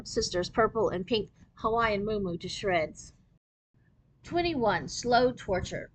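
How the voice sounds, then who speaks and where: Woman, storyteller, children's novel read-aloud, expressive, clear. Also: medium pitch, slight background noise, poor audio.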